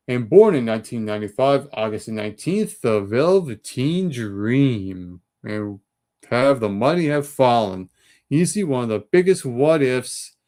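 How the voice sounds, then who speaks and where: Lively male host reading dates. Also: medium pitch. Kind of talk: reading an on-this-day segment.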